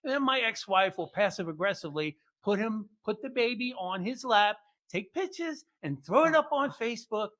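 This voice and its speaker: A man's voice: high voice, normal speed, few pauses. Older man spinning comic family yarns. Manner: deadpan punchlines, acts out quoted family members. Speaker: podcast host. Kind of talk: comic storytelling.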